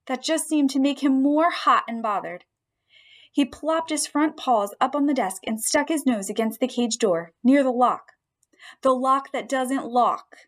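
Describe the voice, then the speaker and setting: A woman narrating a children's story aloud in the first person, with expressive storytelling. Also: high-pitched, moderate pace. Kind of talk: audiobook storytelling.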